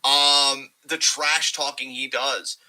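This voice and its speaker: Bright-voiced man in animated podcast chat. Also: mid-range voice, rough recording. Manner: animated, profane, quick impressions of wrestlers. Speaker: podcast co-host. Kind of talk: casual wrestling podcast chat.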